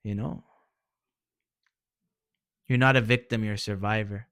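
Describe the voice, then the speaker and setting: With a fairly low, smooth and fairly bright voice, a man speaks at a measured pace in a steady tone, recorded in a clean studio with no room sound. He's a vlogger giving sincere, encouraging advice from experience, speaking in slang and often calling the listener man or bro.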